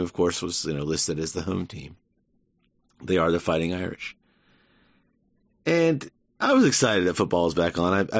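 Wry male podcast host, rambling and amused, low voice, dull dry recording. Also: no echo. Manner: rambling, wry, laughs often. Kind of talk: casual monologue.

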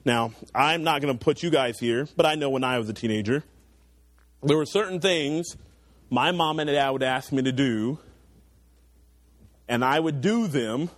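A young man delivers an earnest, urging sermon to teenagers at a moderate pace with long pauses. He rises to loud passages, then drops to quiet, low asides, and there is no room sound.

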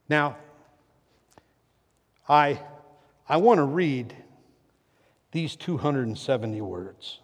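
A male pastor delivering a sermon, swinging between loud emphasis and hushed drops, and putting questions to his congregation. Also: medium pitch, animated, unhurried, long pauses, slightly rough. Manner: asks the congregation rhetorical questions. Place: church sanctuary. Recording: long church reverb.

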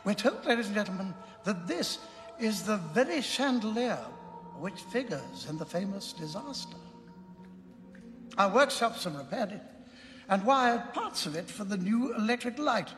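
An actor playing a formal auctioneer at a theater sale, announcing in a measured way. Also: male voice, high voice, animated, a bit bright, soft background music. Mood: solemn. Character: stately male auctioneer at an old theater sale. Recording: film audio with long reverb.

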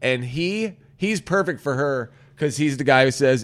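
A man's voice: medium pitch, moderate pace, few pauses. Man hosting a crude comedy chat. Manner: animated, profane, storytelling with acted-out quotes. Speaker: radio show host.

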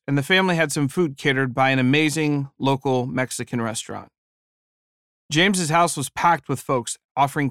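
A man's voice: a little high, fairly bright tone, no room sound, clean studio sound. A man giving a devotional talk, telling stories in a wry, conversational way. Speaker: devotional speaker.

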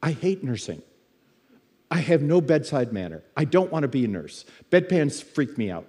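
A man's voice: medium pitch, sing-song, moderate pace, dark tone, breathy edge, long reverb tail. A man quoting a blunt young nursing student. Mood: frank. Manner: blunt, matter-of-fact confessing. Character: young woman nursing student, candid and frustrated.

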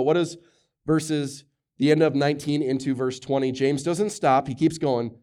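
A middle-aged man preaching a sermon as a pastor, talking conversationally with many rhetorical questions and swinging from loud emphasis to hushed lines. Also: a little high, steady tone, moderate pace.

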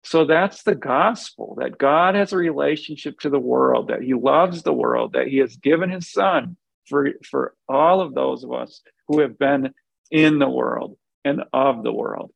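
Gravelly-voiced man teaching scripture. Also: mid-range voice, measured pace, no room sound, low-quality recording. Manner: earnest, thinks aloud with many restarts and fillers. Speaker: podcast co-host. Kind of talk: conversational Bible teaching.

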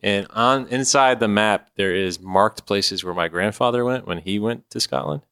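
Man, podcast host, casual, meandering, jokey, low smooth voice. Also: moderate pace, a bit bright, no room sound, studio quality. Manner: rambling and joking, laughs often. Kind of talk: casual chat.

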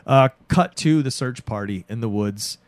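A young man recapping a show in casual chat, animated, acting out the characters' lines and swearing freely. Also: mid-range voice, normal speed, dry recording. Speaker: podcast host recapping a show.

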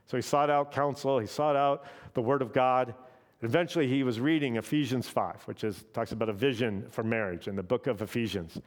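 A man's voice: medium pitch, brisk. A man preaching a sermon as pastor, in a conversational way that keeps checking in with "right?". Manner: conversational, often adds "right?".

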